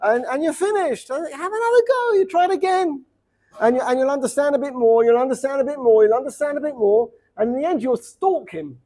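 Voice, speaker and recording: A middle-aged man, a rabbi, giving an informal lecture to students, lively and repetitive, dropping Hebrew words into his English. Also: very high voice, fairly quick. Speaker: rabbi teaching a seminary class. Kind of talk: informal Torah lecture with storytelling.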